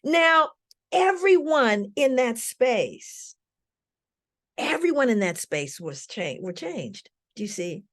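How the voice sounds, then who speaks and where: A woman speaks to a live crowd in a lively, swooping voice that sits a little high. She tells her story with animated storytelling and keeps turning to the audience with questions. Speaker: scholar giving a talk.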